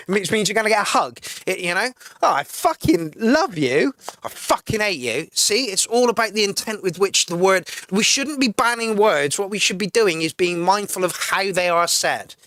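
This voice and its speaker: A man's voice: high-pitched, fairly quick, few pauses, bright, forceful tone, no echo. A man hosting a casual live music-review stream, reading out chat comments and swearing freely as he rants. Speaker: livestream music review host.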